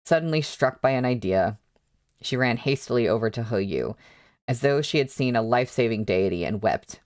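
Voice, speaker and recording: Male reader, casual read-along, chatty hesitant asides, mid-pitched. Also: animated, moderate pace, a little mellow. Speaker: book reader.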